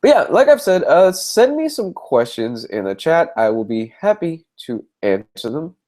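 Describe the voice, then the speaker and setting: A young man with a congested, fairly high and slightly mellow voice answers viewer questions in a casual live-stream chat about comic books. He's very animated, speaks at normal speed, and rambles with frequent restarts as a comic book reviewer.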